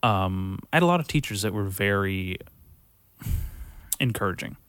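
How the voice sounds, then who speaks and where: A man with a lowish voice in loose, casual chat, wandering through his thoughts with constant fillers and frequent swearing. He is recorded close and dry, with no room sound. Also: lively intonation, normal speed, fairly bright tone, smooth, no room sound. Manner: rambling, profane, lots of filler words.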